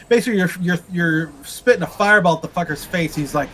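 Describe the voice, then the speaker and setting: Man, game streamer, sarcastic crude rant, slightly high voice, faint hiss. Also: fairly quick, few pauses, pushed and bright, poor audio. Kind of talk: casual chat while gaming.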